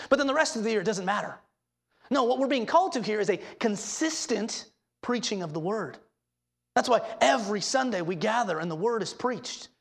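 A woman with a voice pitched a bit above the usual preaches a sermon from the pulpit. She speaks earnestly and with emphasis, and her voice sinks low and soft on the words she wants to land. She keeps asking the congregation questions. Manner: asks the congregation rhetorical questions. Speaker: pastor.

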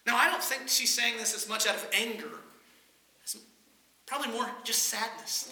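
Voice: medium pitch, normal speed, pushed and bright, echoey room. A preacher delivering an expository sermon in a conversational teaching manner.

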